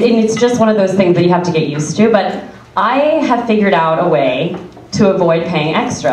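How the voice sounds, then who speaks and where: A woman's voice: fairly low pitch, a little mellow, a little hiss or hum. A young adult woman telling a chatty stand-up story, laughing through her lines. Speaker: stand-up comedian. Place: comedy club stage with audience. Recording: echoey club from far off, crowd.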